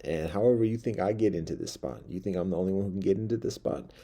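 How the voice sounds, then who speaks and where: A man voicing a streetwise male house mouse who talks in slang, boasting and making quiet threats. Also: deep voice, fast. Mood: threatening.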